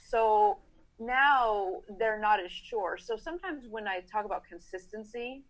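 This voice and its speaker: A middle-aged horse trainer, appearing as a podcast guest, explains her training approach in casual, animated chat, slipping into quick asides that act out what riders are thinking. Her voice is a little high.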